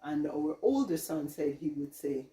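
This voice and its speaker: A woman's voice: low-pitched, expressive, normal speed, warm tone. A middle-aged Jamaican woman vlogging from her home kitchen, chatting casually, rambling and laughing often. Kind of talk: casual chat. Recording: echoey room, mic at a distance.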